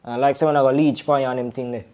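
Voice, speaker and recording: A man's voice: mid-range voice, flat delivery, very fast, a little mellow, close to an everyday voice. A man with a Jamaican accent playing a deported man back home with his brother, talking in a rambling, defensive way full of "you know". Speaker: actor in a crime drama. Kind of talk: Jamaican Patois film dialogue.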